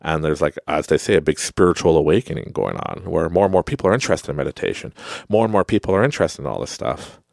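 A man's voice: extremely low pitch, quick pace, vocal fry, a little mellow, dry recording, studio quality. A man hosting a podcast, telling rambling stories in a casual monologue, full of fillers and frequent laughs. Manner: rambling storytelling with many fillers. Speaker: podcast host.

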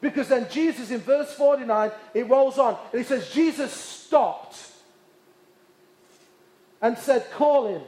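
A man from England, preaching with passionate, repeated emphasis that drops to hushed tones. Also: very high voice, measured pace, long pauses. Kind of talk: sermon. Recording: echoey hall.

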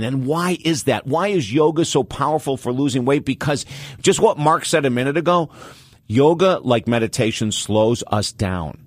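A man's voice: mid-range voice, dry recording. Dry-voiced, emphatic male advice host. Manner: animated storytelling, emphatic repetition. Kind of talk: call-in advice talk.

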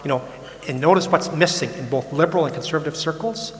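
Older priest preaching in an echoey hall. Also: male voice, mid-range voice, animated, fast talker, a bit bright. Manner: casual, frank, repeats words, mocks complaints. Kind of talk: conversational sermon. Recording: echoey hall with long reverb.

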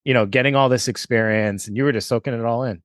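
A man's voice: mid-range voice, steady tone, fast talker, fairly bright tone, no room sound, clean studio sound. A man hosting a casual interview, asking questions as an eager fan and often hesitating mid-question. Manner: fan-like, hesitant with fillers and restarts. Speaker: interviewer host.

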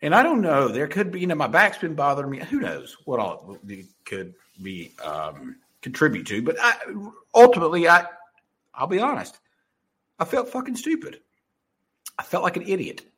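Man, husky voice, swears a lot, rambling casual story, lively up-and-down pitch, lots of restarts. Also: moderate pace.

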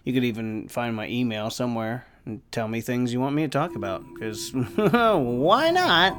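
A man's voice: mid-range voice, steady tone, a little fast, a little mellow, clear, resonant tone, soft background music. A man hosting a casual solo podcast rant from home, rambling and self-deprecating, with plenty of swearing. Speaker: podcast host. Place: home room with the fan off.

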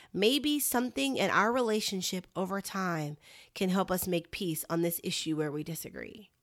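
A woman's voice: on the low side, normal speed, no echo, studio quality. A middle-aged woman, giving earnest, candid encouragement in a casual talk to listeners. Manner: earnest and candid, addresses listeners as "y'all" and "you guys". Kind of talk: casual heartfelt talk to camera.

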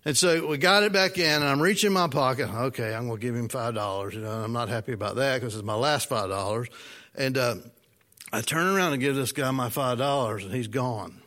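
A pastor preaches a sermon, telling a personal story in a folksy, animated manner and putting questions to the congregation. His voice is medium-pitched and he talks fairly quickly.

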